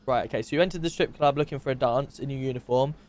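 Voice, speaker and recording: A man's voice: mid-range voice, rapid-fire, a little mellow, natural voice. A man playing a methodical male police interviewer in a game role-play, carefully recapping and double-checking each detail.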